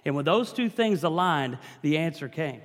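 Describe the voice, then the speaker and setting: A man's voice: fairly high pitch, lively intonation, normal speed, long reverb tail. A man preaching a sermon to a congregation, building emphasis and calling out to the listeners.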